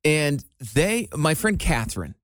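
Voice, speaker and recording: A man's voice: a little high, big pitch swings, measured pace, a bit bright, no room sound, studio quality. A man from Iowa, a radio host, chatting casually and drawing his words out. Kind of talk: casual chat.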